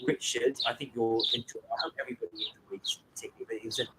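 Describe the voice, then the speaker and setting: A man's voice: medium pitch, fairly even intonation, very fast. A man co-hosting a live stream from his garden, chatting casually and reading out viewer comments. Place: outdoors in a garden. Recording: noisy outdoor sound with birdsong. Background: birdsong.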